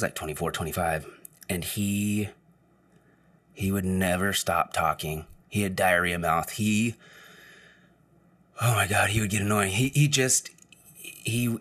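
A man's voice: low voice, a bit bright. A man telling a personal story in casual storytelling style, rambling, with frequent fillers and restarts.

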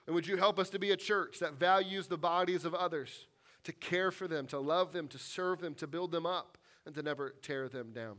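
A man preaching a sermon as a pastor in a church, earnest, slowing down for weight and dropping to a hush on key lines. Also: fairly high pitch. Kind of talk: sermon and closing prayer. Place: church sanctuary.

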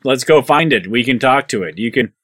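A man's voice: medium pitch, lively intonation, fairly quick, fairly bright tone, no echo. A man playing a character in a tabletop game, dry and sarcastic in manner. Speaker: player.

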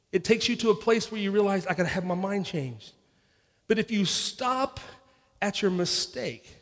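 A man's voice: sits high, long reverb tail. A man pastor preaching a sermon in a conversational way, often restarting and acting out people's inner voices.

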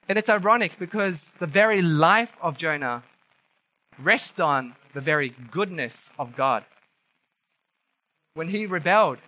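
Young guy preaching, high bright voice, super animated storyteller. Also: no echo, low-quality recording. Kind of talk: sermon.

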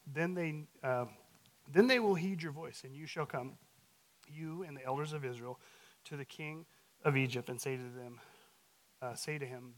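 Man teaching a casual, halting sermon. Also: mid-range voice, fairly bright tone, poor audio. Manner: casual, halting, with frequent restarts and fillers; adds emphasis to scripture and acts out quotes. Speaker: guest teacher. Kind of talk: conversational sermon.

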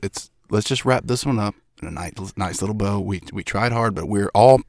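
A man hosting a comedic podcast from a small closet, exasperated and pleading for everyone to calm down. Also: lowish voice, moderate pace, dry recording, clean studio sound. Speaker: podcast host. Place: small hot broom closet.

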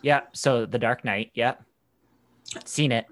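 A man's voice: medium pitch, slow, fairly bright tone, dry recording. Easygoing young man from Canada, dry sound. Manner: rambling storyteller, easygoing. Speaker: podcast co-host. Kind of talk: casual chat.

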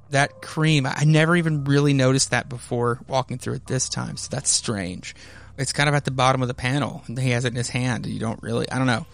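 A man's voice: medium pitch, a bit bright. A man hosting a podcast, casually recapping a comic with rambling asides and many fillers. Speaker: podcast host.

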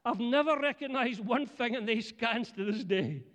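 A middle-aged man with a Scottish accent preaching a humorous sermon, animated and joking as he talks to the congregation. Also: very high voice, moderate pace. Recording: long church hall reverb.

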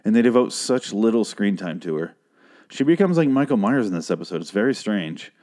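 A man's voice: fairly low pitch, sing-song, brisk, a little mellow. A man casually recapping a TV show on his podcast, profane and rambling, with a dry voice. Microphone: podcast microphone.

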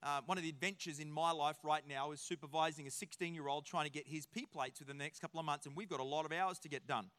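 A man in his forties with an Australian accent, preaching a sermon as a pastor in a lively, joking storytelling way. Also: fairly high pitch, quick pace, hardly any pauses, smooth, big-room sound.

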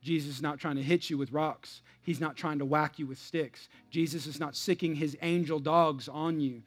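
A man's voice: fairly high pitch, fairly even intonation, moderate pace. A male pastor preaching a sermon, emphatic and repetitive, reading a story aloud and building to an appeal.

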